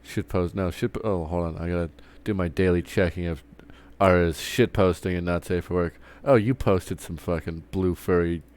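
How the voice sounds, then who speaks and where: A man's voice: low voice, fairly even intonation, moderate pace, few pauses, darkish tone, smooth. A man streaming live, ranting casually with lots of swearing and stumbling restarts. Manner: profane, rambling, restarts often. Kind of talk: casual rant while streaming.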